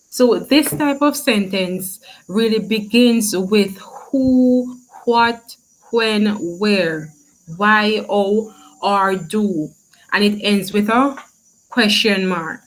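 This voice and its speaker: A woman teaches a class at an unhurried pace, pausing to ask questions and cheer answers on. Her tone stays encouraging throughout. Faint insect chirps sound behind her voice. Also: mid-range voice, low-quality recording. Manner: slow, encouraging, asks questions and praises. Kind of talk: classroom lesson.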